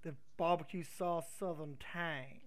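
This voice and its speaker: A man co-hosting a casual comedy podcast, delivering deadpan puns that trail off quietly. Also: on the high side, unhurried. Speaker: podcast co-host.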